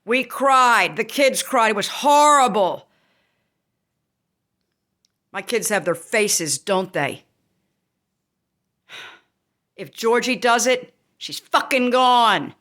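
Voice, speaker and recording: A heated, foul-mouthed woman vents her outrage, her words landing hard, with sudden shouted bursts. Her voice sits fairly high and has a bright, forceful, cutting edge. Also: expressive, slow. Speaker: vlogger. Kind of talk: angry rant to camera.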